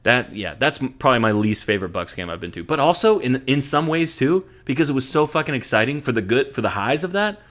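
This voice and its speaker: A young man hosts a podcast, swearing freely as he spins rambling sports stories in casual chat. His medium-pitched voice is animated and a bit bright, moving at a quick pace with hardly any pauses.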